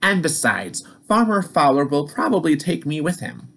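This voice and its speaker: A man voicing a boastful young male farm tractor in a children's storybook, cocky and quick to snap back. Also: on the high side, big pitch swings, gravelly, fairly bright tone, voice pushed up, heavily acted. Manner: snappish, cocky.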